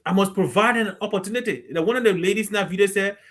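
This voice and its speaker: A man's voice: sits high, fast talker, fairly bright tone. A man, speaking frankly and earnestly in a casual discussion.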